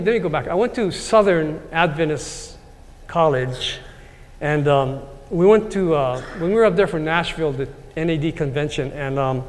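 A man's voice: a little high, long reverb tail. A man in his sixties telling a long personal story to his congregation, rambling and heartfelt, with many fillers. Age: 60s. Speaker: church speaker.

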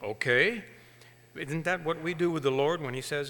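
A male preacher delivering a sermon with animated storytelling, swinging between hushed and emphatic. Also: a little high, moderate pace, long reverb tail.

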